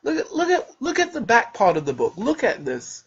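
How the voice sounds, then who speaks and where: A young man talks in a husky voice, boastful and jokey, as he rambles through a self-promoting monologue. His pitch swings widely from line to line. The recording is dull and lo-fi, as if made on a home camera. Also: wildly swooping pitch, brisk. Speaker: self-published author promoting his book.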